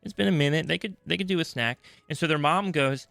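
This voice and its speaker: Animated ranting podcast man, bright voice. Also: fairly high pitch, quick pace, gravelly, few pauses, dry recording, soft background music. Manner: animated, acts out other people's voices. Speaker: podcast co-host. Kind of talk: ranting casual chat.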